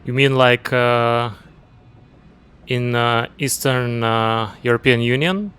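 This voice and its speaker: A man from Ukraine, a game streamer chatting casually with viewers, talking in a halting, measured way as he searches for words. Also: medium pitch, a bit bright, clear, resonant tone. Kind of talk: casual chat with stream viewers while gaming.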